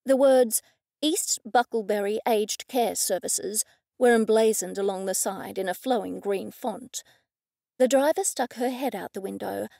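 Gravelly-voiced woman narrating an audiobook. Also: mid-range voice, normal speed, dark tone, no echo, studio quality. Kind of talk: scripted first-person audiobook narration.

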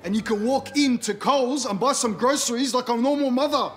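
An Australian man playing a rude, foul-mouthed young fast-food worker who snaps sarcastic insults at customers in a comedy sketch. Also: extremely high pitch, a bit bright, faint music behind. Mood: insulting.

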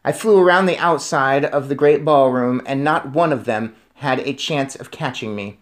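A man reading a novel aloud, musing quickly before a chapter and then telling it in a steady, lively way. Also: mid-range voice. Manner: musing aside between readings. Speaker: reader.

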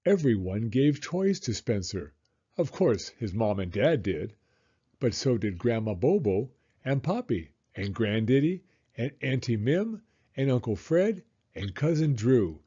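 Slow, animated male storyteller. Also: mid-range voice, breathy edge, dull audio. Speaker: children's storyteller. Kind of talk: read-aloud storybook narration.

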